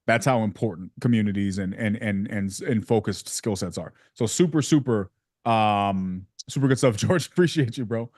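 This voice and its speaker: On a video call, a man runs a casual coaching chat for a sales community, joking around and using plenty of slang and fillers. His voice sits on the low side with a darkish tone and normal speed, and the studio-quality audio has no echo.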